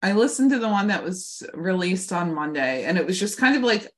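A woman with a lowish voice and big pitch swings talks a little fast while co-hosting a podcast. She recaps a TV episode in a gushing, chatty way, packed with fillers.

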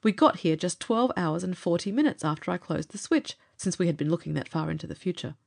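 A woman doing a calm, low-voiced young male pilot. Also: a little fast, vocal fry. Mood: explaining.

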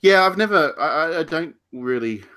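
Man, podcast co-host, bright voice, rambling casual chat with restarts. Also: fairly high pitch, lively intonation, normal speed. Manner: rambling, frequent restarts and laughs. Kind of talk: casual game discussion.

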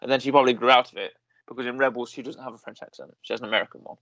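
A man's voice: mid-range voice, steady tone, racing, sharp tone, no room sound. A man co-hosting a podcast in casual chat, rambling and correcting himself often, with lots of fillers. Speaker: podcast co-host. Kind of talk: casual chat reviewing a series.

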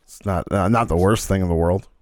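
A man's voice: low voice, a little fast, dry recording, studio quality. A man guesting on a podcast, laid-back and joking, swearing casually. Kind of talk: casual chat.

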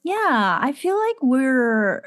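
A woman with a fairly high voice plays an improv comedy scene. She hedges and stumbles through her lines with plenty of "um" and "like", in a loose, casual way. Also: sing-song, takes it slowly. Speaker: improv player.

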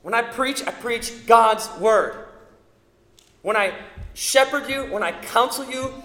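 Taking it slowly, a middle-aged male pastor delivers a sermon in a church sanctuary, his voice fairly high for a man. He leans hard on key words and builds to loud peaks, with long reverb as in a roomy hall.

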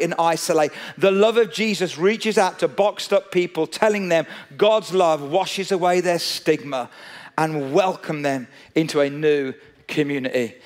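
A man preaching a sermon, telling a story with animated energy and speaking straight to his listeners. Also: high-pitched. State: out of breath.

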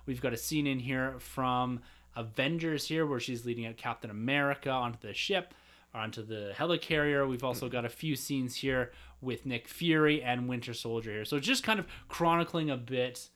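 A man's voice: medium pitch, moderate pace, fairly bright tone. A man co-hosting a casual podcast chat, walking methodically through a trailer scene by scene. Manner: methodical, explains scene by scene, repeats "yes" and "yeah". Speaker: podcast co-host.

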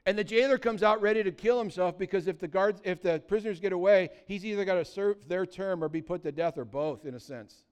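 Male pastor, smooth tone, slightly high, animated storyteller. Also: a little fast, hardly any pauses. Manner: animated storytelling, acting out voices, swinging from loud to quiet. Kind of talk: sermon.

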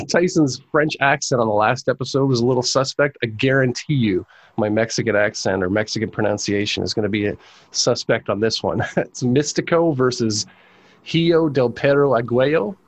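A man's voice: medium pitch, steady tone, normal speed. A man hosting a wrestling podcast, chatting casually and laughing easily. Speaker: podcast host.

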